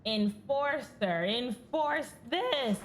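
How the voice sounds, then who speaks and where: A woman's voice: high voice, animated, very slow, a little hiss or hum. A woman streamer giving chatty, giggly commentary while playing a video game and talking back to its characters. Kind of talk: casual gameplay commentary. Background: faint game music.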